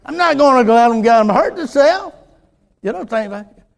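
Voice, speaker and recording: An older man preaching a folksy sermon, restarting phrases and swinging from quiet asides to louder points. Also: very high voice, animated, moderate pace, creaky.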